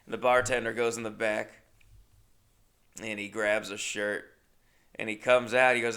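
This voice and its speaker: A man's voice: lowish voice, little pitch movement, moderate pace, pauses often, bright, forceful tone. A young man, a comedian, telling rambling, self-mocking stories in a laid-back way. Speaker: comedian and host. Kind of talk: casual comedic storytelling.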